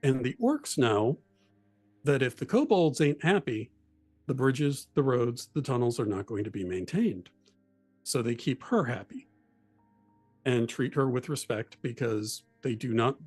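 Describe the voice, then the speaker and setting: Animated man explaining character voices. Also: medium pitch, measured pace, breathy edge, dry recording, soft background music. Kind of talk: casual chat about tabletop role-playing.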